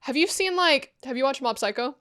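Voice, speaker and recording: A young woman with a slightly high voice tells spooky stories with blunt, jokey energy. She co-hosts a podcast in casual chat with a friend. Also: fairly quick. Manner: animated storyteller, blunt and jokey. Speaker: podcast co-host.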